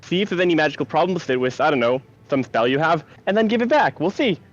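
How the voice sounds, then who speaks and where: A man playing a tabletop game who chats casually and quickly, laughing often. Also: on the high side, lively intonation, dull audio. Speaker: player.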